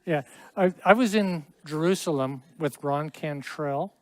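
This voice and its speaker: A man's voice: a little high, a little slow, a little mellow, dry recording. Chatty middle-aged man teaching a class. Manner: chatty, explains with asides and jokes. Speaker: Hebrew teacher. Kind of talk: classroom lesson.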